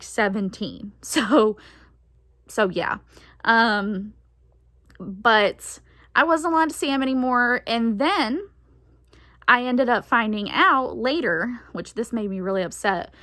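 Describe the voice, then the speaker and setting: A chatty young woman tells a personal story, laughing often and putting on the voices of the people she quotes. Her voice sits a little high, and the recording is close and dry with no room sound. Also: a bit bright, dry recording. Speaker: vlogger. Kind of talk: casual storytime.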